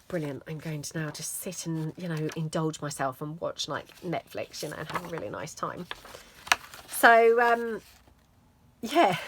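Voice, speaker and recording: Middle-aged woman, crafting vlogger, low-ish voice, meandering chatty delivery. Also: slight background noise. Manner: rambling and self-deprecating, lots of fillers. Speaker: crafting channel host. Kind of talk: casual chatty vlog.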